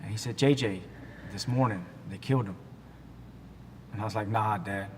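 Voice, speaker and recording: Man telling his story in a reverberant hall. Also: darkish tone. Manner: halting, with many restarts, acting out the voices of people in his story. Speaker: guest sharing his testimony. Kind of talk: emotional personal storytelling in an interview. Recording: long hall reverb with faint rumble.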